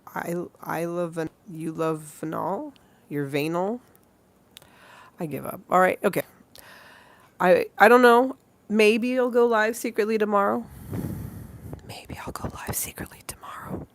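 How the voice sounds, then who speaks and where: A woman's voice: medium pitch, measured pace, vocal fry, pauses often. A woman hosting a casual livestream, rambling and giggly as she reads out names from the chat. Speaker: livestream host.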